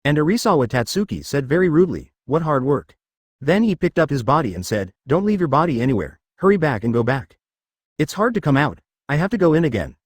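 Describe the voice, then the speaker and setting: A man reading a web novel aloud as an audiobook narrator, every line in the same steady narrating voice. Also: a little high, quick pace, dry recording, studio quality.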